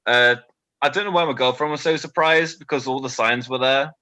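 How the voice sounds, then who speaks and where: A British man in his twenties doing a stand-up set, delivering deadpan one-liners with nervous asides to a quiet crowd. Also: medium pitch, a little fast, dry recording, muffled recording. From Britain. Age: 20s. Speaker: stand-up comedian.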